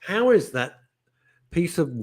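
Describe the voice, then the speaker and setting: Middle-aged male host, slightly high voice, lively pitch, jokey and blunt. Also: slow pace, husky. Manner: chatty, jokey and opinionated, with bursts of indignation. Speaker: talk show host. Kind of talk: casual chat.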